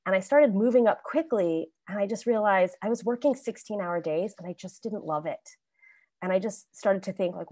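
A woman's voice: medium pitch, moderate pace, dark tone, no echo, clean studio sound. A woman on a webinar panel casually telling her career story, chatty and loose with lots of fillers and restarts, over a video call. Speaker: alumni panelist.

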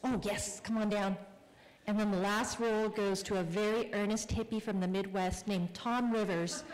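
A woman author casting audience volunteers for a live reading, friendly and quick to laugh. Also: medium pitch, fairly even intonation, a little mellow. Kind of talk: casual talk to a live audience. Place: public library event room. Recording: long hall reverb.

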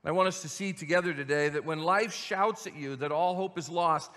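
A man's voice: a little high, fairly quick, pushed and bright, long reverb tail. A man preaching as senior pastor, reading scripture aloud in an earnest, building voice. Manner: earnest, reads scripture with rising intensity.

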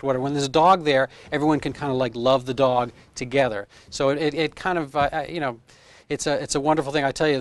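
A man's voice: mid-range voice, no echo. Doctor guy in his 50s rambling on in an interview, easygoing comparisons, everyday mid-range voice. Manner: rambling, explains with homespun comparisons. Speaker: medical doctor guest. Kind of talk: casual interview chat.

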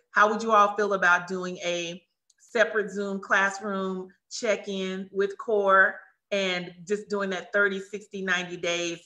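A woman host talking over a video call, bright and forward in tone at an average pitch. She sounds excited and effusive, tripping over her words and restarting often as she runs a live webinar.

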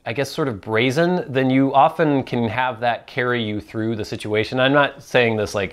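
A man's voice: mid-range voice, moderate pace, few pauses. A man hosting a casual solo show, answering viewer questions in a rambling, self-deprecating, conversational way. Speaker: host.

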